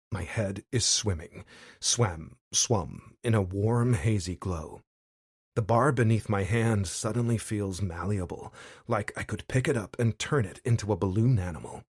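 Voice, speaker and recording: A man narrating a thriller audiobook in the first person, in a measured, wry manner. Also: lowish voice, husky, no echo, studio quality.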